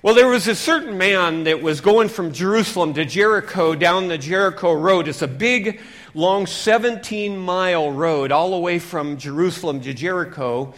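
A male preacher telling a Bible story in a lively, interactive way, asking his listeners questions as he goes. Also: high-pitched, moderate pace. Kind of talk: storytelling sermon.

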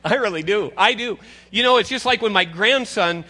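An older man preaching a sermon as pastor, conversational and animated, teasing his congregation. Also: high-pitched, moderate pace.

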